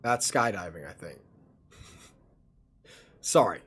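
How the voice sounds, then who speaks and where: A man's voice: fairly high pitch, lively intonation, unhurried, pushed and bright, soft background music. A young man hosting a reaction video, talking in loose, slangy, exclaiming commentary.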